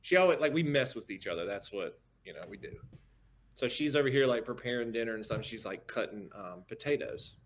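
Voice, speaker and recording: A man guest on a sports talk stream, teasing the host and telling animated stories. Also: medium pitch, brisk, a little hiss or hum. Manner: animated storyteller, teasing and insistent. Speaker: guest analyst.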